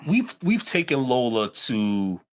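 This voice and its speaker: A man's voice: mid-range voice, sing-song, takes it slowly. A man co-hosting a casual livestream chat, laid-back and slangy, often repeating words as he restarts. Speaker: yarn company co-host.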